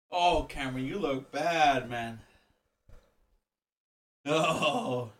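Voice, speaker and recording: A young man co-hosting a casual podcast, in pain from a hot spice challenge, yelping and swearing loudly. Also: medium pitch, normal speed, long pauses, distant mic. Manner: loud pained exclamations, swearing. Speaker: podcast co-host. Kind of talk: casual chat.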